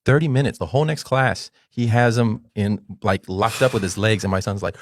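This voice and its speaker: Middle-aged man, lowish voice, dry close sound, animated storyteller, casual podcast chat. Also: fairly quick, no echo. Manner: animated storytelling, acts out quotes. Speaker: podcast co-host.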